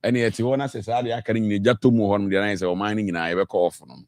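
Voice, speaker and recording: Rapid-fire and lowish, the voice belongs to a Ghanaian man with a Ghanaian accent debating passionately on a radio talk show. He mixes Twi into his English and keeps repeating himself as he pushes his case. The studio-quality audio has no echo.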